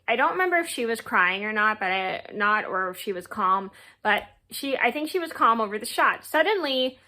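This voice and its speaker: A woman's voice: fairly high pitch, pushed and bright. A young woman telling a personal story to her viewers, rambling casually with many fillers and restarts. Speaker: vlogger.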